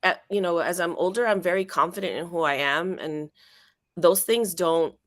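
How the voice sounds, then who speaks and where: A woman in her fifties, an actress being interviewed, speaking reflectively and hesitantly with many pauses and fillers. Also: fairly low pitch, no echo, clean studio sound. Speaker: actress, guest. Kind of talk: casual interview chat.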